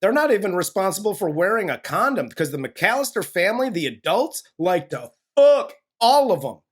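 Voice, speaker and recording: A man's voice: sits high, big pitch swings, moderate pace, breathy edge. A man co-hosting a casual movie review, heated and profane, who laughs often. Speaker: movie review podcast co-host.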